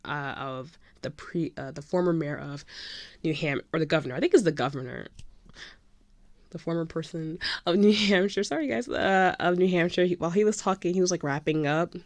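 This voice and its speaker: A young woman vlogger tells a story to her camera in a breathless, gushing ramble, her voice a little low and a little fast. She says "like" constantly and switches between excited high squeals and hushed whispers. The audio is close and dry, with no room sound.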